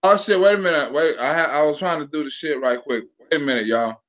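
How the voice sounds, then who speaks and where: A man hosts a casual live stream, swearing freely and hurrying along. His voice is pitched high for a man and sounds forceful and bright. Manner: loose, profane and hurried.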